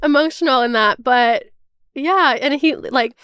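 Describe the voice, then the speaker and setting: A young woman in her twenties talks in a high, smooth voice, stringing thoughts together with endless "like"s and casual swearing. Her chat is candid and open, a podcast host thinking aloud. The sound is close and dry. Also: measured pace, fairly bright tone, dry recording. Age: 20s. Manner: rambling, fills with "like", swears freely; candid and emotional.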